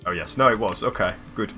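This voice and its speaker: A man with a deep voice talks casually over a live game stream. He meanders and hesitates, circling back with ums and restarts. Clear music plays underneath. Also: bright, forceful tone. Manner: rambling, hesitant, many fillers and restarts. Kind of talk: casual live-stream chat while gaming. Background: background music.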